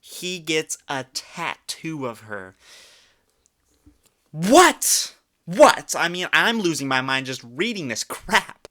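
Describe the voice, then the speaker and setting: A young man with a bright, forceful voice that stays crisp and clear, reacting to what he reads with open disbelief. He mocks and swears freely in a loose commentary style. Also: mid-range voice. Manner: incredulous, mocking, swears a lot. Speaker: commentary YouTuber.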